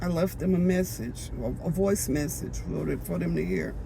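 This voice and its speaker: A woman giving a personal spiritual testimony, talking in a halting way and repeating phrases as she goes. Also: on the low side, gravelly, mellow, a little hiss or hum. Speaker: vlogger.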